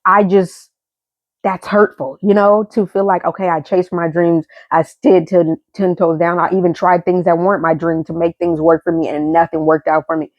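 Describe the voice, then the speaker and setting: A woman's voice: moderate pace, dry recording, highs cut off. Rambling, emotional young woman vlogger. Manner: rambling, emotional, repeats and restarts words; swings between high excited and low subdued tones. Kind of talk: candid storytelling monologue.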